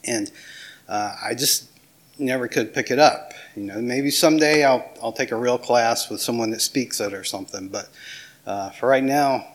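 A man's voice: mid-range voice, normal speed. A middle-aged man with a Southern US accent, giving a casual, self-deprecating sermon as a pastor. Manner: casual, self-deprecating, with small laughs and restarts.

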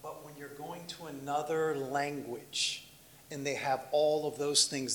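A man's voice: fairly high pitch, a bit bright. A man from Washington, D.C., a missionary giving a conversational church talk, telling anecdotes, acting out little exchanges and asking the congregation questions.

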